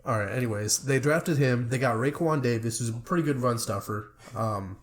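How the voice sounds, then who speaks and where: A man's voice: mid-range voice, normal speed, slight background noise. A young man co-hosting a football podcast, laid-back and rambling, sometimes fumbling player names. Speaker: podcast co-host. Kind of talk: casual sports chat.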